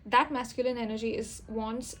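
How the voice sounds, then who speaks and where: A woman's voice: a little high, fairly even intonation, moderate pace, rough recording. A young woman giving a casual tarot reading to camera, chatty and rambling, with fillers and self-corrections. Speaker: tarot reader.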